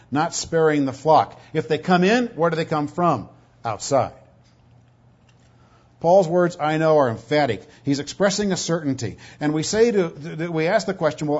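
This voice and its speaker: A man preaching a sermon, emphatic, swinging from loud stretched words to low asides, often repeating words as he goes. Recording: dull lo-fi recording.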